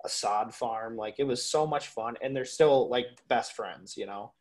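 A young man from Minnesota talks as a podcast guest, telling stories in an animated, rambling way. His voice sits at an ordinary middle pitch, and he leans on casual filler words and the odd swear. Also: a little slow. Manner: animated storyteller, swears freely, lots of "like" and "dude". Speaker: podcast guest, waterfowl hunter.

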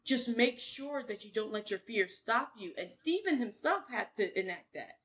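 A woman's voice: on the high side, lively intonation, moderate pace, a bit bright, rough recording. A woman in casual podcast chat, talking earnestly and with emphasis about a show she loves.

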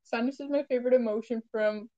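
High-voiced woman joking on a podcast. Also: steady tone, fast, no room sound, muffled recording. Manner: jokey and self-deprecating, prone to loud outbursts. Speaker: podcast co-host. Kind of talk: casual comedic chat.

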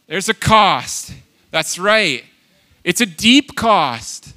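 A man preaching a sermon, animated and emphatic, swinging between loud exhortation and quiet asides. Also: sits high, extremely slow. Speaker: pastor.

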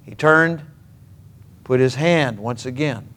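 A man from Minnesota preaches a storytelling sermon in a mid-pitched voice. He speaks earnestly and emphatically, letting dramatic pauses hang between his phrases. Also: a bit bright.

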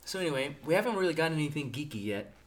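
A man's voice: a little high, lively intonation, rapid-fire. A young man co-hosting a casual podcast chat, joking and laughing often. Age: young adult. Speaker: podcast co-host.

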